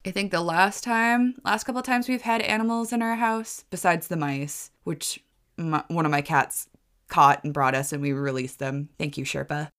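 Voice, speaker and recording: Low-voiced woman telling a rambling story. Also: normal speed, fairly bright tone, clean tone. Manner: rambling, chaotic, stumbles over words; swoops high for quoted exclamations. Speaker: podcast host. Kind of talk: casual storytelling.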